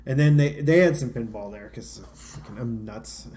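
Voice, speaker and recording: A man's voice: medium pitch, moderate pace, dark tone, a little hiss or hum. A man co-hosting a casual podcast chat, telling rambling, self-deprecating stories with lots of restarts. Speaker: podcast co-host.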